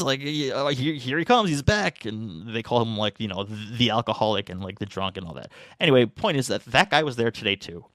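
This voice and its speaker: A man's voice: lowish voice, fairly bright tone, no room sound, studio quality. A man hosting a market commentary, talking in a sarcastic, rambling way with lots of fillers and restarts. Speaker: market analyst host. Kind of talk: opinionated commentary monologue.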